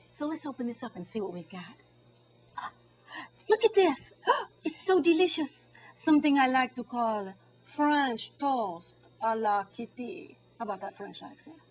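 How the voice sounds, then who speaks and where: Bubbly middle-aged lady doing a cooking demo, kinda high voice, chatty and showy. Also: darkish tone, poor audio. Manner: bubbly, chatty, theatrical exclamations. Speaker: cooking show host. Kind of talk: home cooking demonstration.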